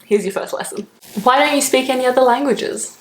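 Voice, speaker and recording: A young Australian woman chatting casually to camera as a vlogger, laughing often and filling pauses with "like". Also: sits high, reverberant, a little hiss or hum.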